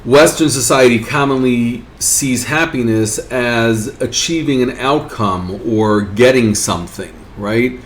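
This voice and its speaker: A man's voice: mid-range voice, unhurried, hardly any pauses, a little hiss or hum. A man giving a spoken lesson, often asking his listeners "right?". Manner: rhetorical, keeps asking "right?". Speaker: teacher. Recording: echoey room.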